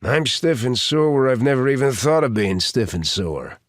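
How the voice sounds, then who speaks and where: A man's voice: medium pitch, sing-song, normal speed, dry recording, lightly acted. A man doing an easygoing joker in his forties. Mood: joking. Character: joking mid-forties man, easygoing and a bit sheepish.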